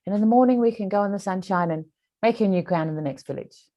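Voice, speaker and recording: A woman voicing a calm, patient healer who firmly and kindly refuses to get in the pond. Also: medium pitch, fast, dull audio, close to an everyday voice. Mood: gentle.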